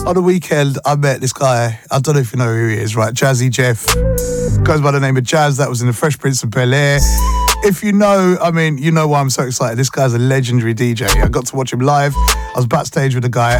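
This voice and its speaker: A male radio presenter, chatting playfully and teasing listeners on a breakfast show in a studio. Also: medium pitch. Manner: chatty, playful, teasing, switches into Hindi-Urdu phrases. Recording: music bed under the voice.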